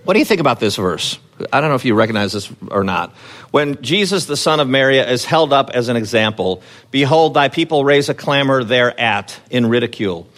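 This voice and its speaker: A man's voice: medium pitch, lively intonation, fairly quick, a bit bright. A man preaching a sermon in a conversational way, asking the congregation questions and rising with energy when he quotes scripture. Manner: frequent fillers and restarts, asks the congregation questions. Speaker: pastor.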